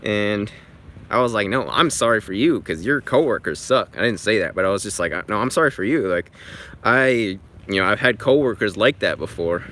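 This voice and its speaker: A man's voice: lowish voice, lively intonation, normal speed, a bit bright. A man telling a story in a casual vlog, chatty and exasperated, swearing freely, recorded outside near traffic. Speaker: vlogger.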